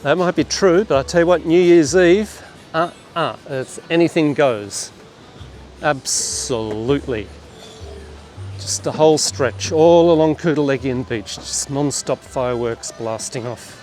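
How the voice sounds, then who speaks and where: A man's voice: fairly high pitch, a little slow, darkish tone, soft background music. A man giving casual, wry walking commentary to a handheld camera outdoors on a beachfront street. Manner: wry, chatty asides to the camera. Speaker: vlogger on a walking tour.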